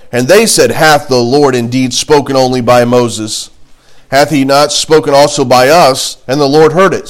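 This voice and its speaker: Male Bible teacher, mid pitch, chatty classroom delivery with asides. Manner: conversational, reads scripture aloud with asides and jokes.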